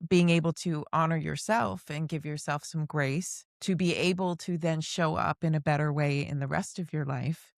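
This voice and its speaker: A woman's voice: sits low, fairly even intonation, normal speed, vocal fry, few pauses, no room sound, studio quality. A middle-aged woman hosting a podcast, telling personal stories in an earnest, heartfelt way. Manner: earnest, emotional, tells long personal stories. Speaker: podcast host. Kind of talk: casual conversation, personal storytelling.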